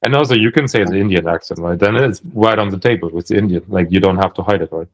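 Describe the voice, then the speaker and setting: Man with a German accent, low voice. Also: fast talker, low-quality recording. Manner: thinking aloud, many restarts and hedging fillers. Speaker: sales coach. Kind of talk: casual coaching chat.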